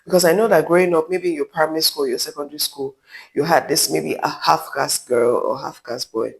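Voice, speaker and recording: A Nigerian man talks straight to camera in an opinion vlog. His voice sits a little high for a man. He is blunt and emphatic and keeps wandering into side remarks. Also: steady tone, a little fast, vocal fry, poor audio. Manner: candid, emphatic, with rambling asides. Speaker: vlogger.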